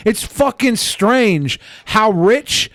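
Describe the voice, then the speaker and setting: A podcast host joking and ranting crudely in casual commentary. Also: male voice, high voice, animated, drawn-out words, fairly bright tone, dry recording, studio quality. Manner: profane, joking, rambling.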